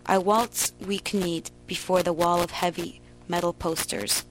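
A woman giving a slow, emotional, theatrical reading of a first-person story. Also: on the low side, fairly even intonation, noisy background. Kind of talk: dramatic literary reading.

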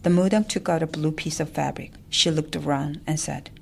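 A woman narrating a family memoir in a soft, often whispered voice. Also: deep voice, steady tone, moderate pace, vocal fry, slight background noise. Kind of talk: memoir storytelling.

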